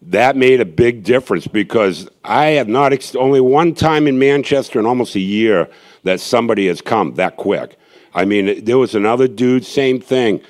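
A man's voice: medium pitch, lively intonation, moderate pace, darkish tone. A man, a street evangelist, telling a gathering his testimony in a rambling, earnest way, with many restarts and asides.

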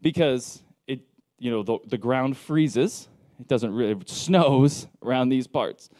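A man preaching a casual sermon, telling stories in a joking, conversational way with lively asides. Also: mid-range voice, unhurried, dry recording, studio quality. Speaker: pastor.

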